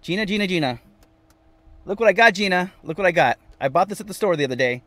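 A man's voice: sits high, expressive, fast, bright, forceful tone, no room sound. A man hosting a casual live stream from inside his van, reading viewer comments aloud and repeating phrases playfully. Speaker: vanlife livestream host.

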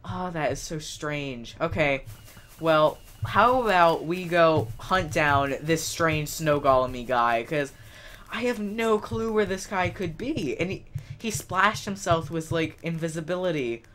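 A man's voice: on the high side, lively intonation, measured pace, a bit bright, a little hiss or hum. A man hosting a game video, chatting and thinking aloud, often exclaiming in surprise. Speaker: let's play host. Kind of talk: gameplay commentary.

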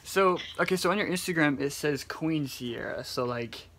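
A man's voice: fairly high pitch, normal speed, sharp tone. A young man making casual, giggly phone calls for a video, laughing often and gushing with affection. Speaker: YouTuber making prank calls.

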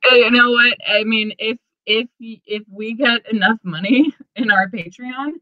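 A woman's voice: fairly high pitch, unhurried, dry recording. A woman co-hosting a podcast in casual chat, who swears often and laughs easily. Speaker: podcast co-host. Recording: dull lo-fi podcast mic.

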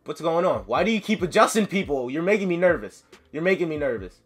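A man giving excitable live gameplay commentary, yelling, chanting cheers and talking himself through nervous moments. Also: fairly high pitch, fast talker, breathy edge, faint music behind. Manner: yells and chants, sings cheers, flustered self-talk. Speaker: gaming commentator.

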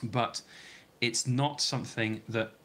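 British guy rambling on a live stream, voice going a bit hoarse, faint hum behind. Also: medium pitch, steady tone, slow pace, fairly bright tone. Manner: rambling, chatty, reads out viewer comments. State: starting to lose his voice. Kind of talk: casual live stream chat.

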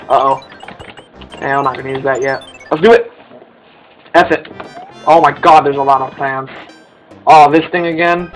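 A young man giving excited commentary over his gameplay, often jumping up into high yelps. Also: a little fast, soft background music, poor audio. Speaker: let's play gamer.

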